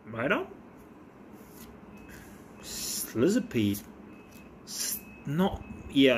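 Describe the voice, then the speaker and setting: A man talking casually as a vlogger while opening trading cards, excitable and chatty with quick bursts of delight. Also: medium pitch, vocal fry, a little hiss or hum. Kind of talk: casual chat.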